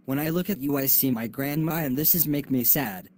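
A man's voice: mid-range voice, brisk, darkish tone, a little hiss or hum, lightly acted. A male student voicing a mocking schoolboy bully in a class video, with taunting, cackling delivery.

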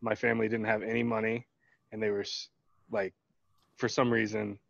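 A man in his twenties, hosting a podcast, speaks bluntly and swears freely without hurrying. His voice sits a little low, and the recording is dull and lo-fi. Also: flat delivery, gravelly, fairly bright tone, dry recording. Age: 20s. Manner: blunt, profane, unhurried. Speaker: podcast host. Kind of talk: casual podcast chat. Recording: dull lo-fi dry mic.

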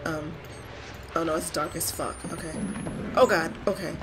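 A woman's voice: low-pitched, steady tone, moderate pace, heavy background noise. A woman giving let's-play commentary, jumpy and swearing, who shrieks when she gets scared. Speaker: gamer.

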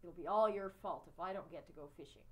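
A woman voicing an excitable young boy in a children's storybook reading, cross and pleading. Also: lowish voice, fast, voice pushed down, natural voice.

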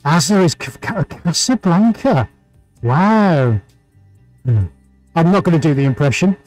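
A man's voice: fairly high pitch, animated, takes it slowly, darkish tone, soft background music, low-quality recording. A man hosting a live painting stream, chatting casually, greeting viewers by name and laughing often. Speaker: livestream painting host.

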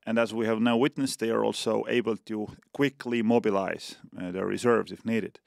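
Estonian accent guy explaining defense stuff, lots of uh's, super gravelly, dead dry sound. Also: fairly low pitch, steady tone, no room sound. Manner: deliberate, frequent uh fillers and restarts. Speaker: defense ministry official, podcast guest. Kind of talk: measured policy explanation.

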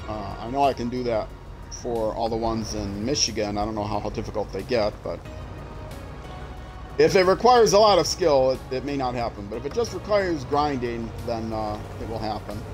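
A man's voice: medium pitch, low-quality recording. A man streaming a game, chatting casually as he plays, musing aloud and restarting his sentences. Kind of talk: casual gameplay commentary.

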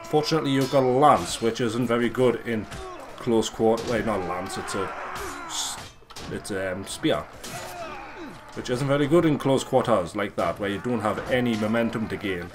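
A young man giving casual, crude and excitable commentary over a video game. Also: mid-range voice, moderate pace, music in the background. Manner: crude, swearing, excitable and joking. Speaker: let's play gamer.

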